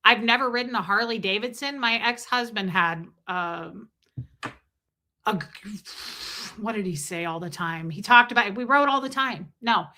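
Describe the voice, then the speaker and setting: Hosting a live stream at normal speed, a woman with a sharp, mid-range voice talks bluntly and casually. She's sarcastic and reads viewers' names aloud as she greets her chat.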